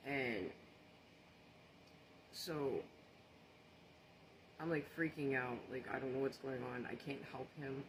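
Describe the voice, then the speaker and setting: A man's voice: mid-range voice, fairly even intonation, slow pace, long pauses. A man casually recounting a personal story, earnest and shaken, often restarting and repeating phrases. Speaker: social media storyteller. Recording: noticeable background noise.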